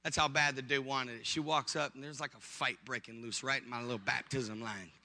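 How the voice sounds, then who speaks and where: A pastor preaching with animated, punchy storytelling and comic timing. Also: male voice, mid-range voice, fairly quick, in a large hall. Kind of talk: storytelling sermon.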